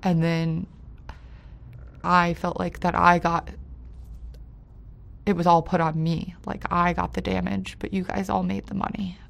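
Her fairly low, creaky voice comes out flat as this interview guest recounts something personal, halting and hesitant with lots of fillers. She grows quiet over the painful bits and louder when angered.

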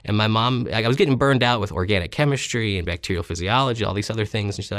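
A man's voice: fairly low pitch, expressive, fast, fairly bright tone, no echo, clean studio sound. A man in his thirties, an interview guest, telling rambling stories with self-deprecating humor. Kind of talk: casual storytelling interview.

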